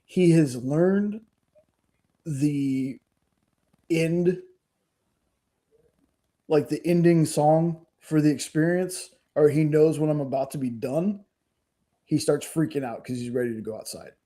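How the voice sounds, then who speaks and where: A man with a mellow, warm voice, talking pitched a little above the usual male range. He chats casually about films as a co-host of a live stream, excited and given to repeating his points. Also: slow, pauses often. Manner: enthusiastic, repeats himself. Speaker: podcast co-host. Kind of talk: casual chat.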